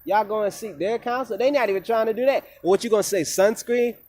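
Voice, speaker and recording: High-voiced man preaching to viewers. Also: fairly quick, a little mellow. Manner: preachy, emphatic, slangy. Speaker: wellness coach. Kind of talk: informal monologue to viewers.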